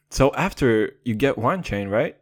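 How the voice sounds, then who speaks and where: A man who is not a native English speaker, hosting a comedic podcast monologue in a profane, playful mock-gangster swagger, sometimes dropping into a put-on deep voice. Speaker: podcast host.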